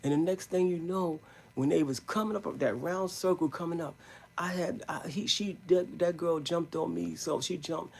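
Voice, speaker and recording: Gravelly, husky man, emphatic street-slang storyteller. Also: on the high side, fairly even intonation, normal speed. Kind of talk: live storytelling stream.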